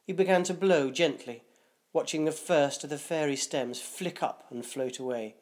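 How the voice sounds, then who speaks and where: A man reading a dark short story aloud, in a measured, deliberate narration. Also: fairly high pitch.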